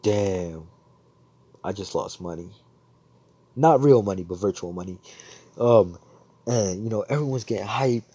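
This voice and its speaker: A man's voice: on the low side, measured pace, pauses often, mellow, no echo. A man improvising a fan fiction story aloud, rambling, swearing and correcting himself as he goes.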